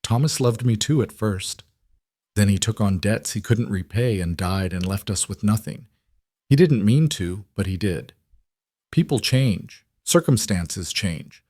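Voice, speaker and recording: A man's voice: medium pitch, animated, moderate pace, darkish tone, no room sound, clean studio sound, natural voice. A man voicing a wary, frightened widowed frontier mother whose guarded voice rises and breaks. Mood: fearful. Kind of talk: audiobook character reading.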